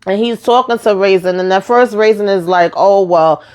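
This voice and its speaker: A woman talking through a TV episode in a loose, chatty way. She retells each scene with asides and slips into the characters' lines as she goes. Her voice sits at a middle pitch for a woman. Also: normal speed, clear, resonant tone. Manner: chatty, animated retelling with asides and acted-out quotes. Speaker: recap host. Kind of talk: casual TV recap.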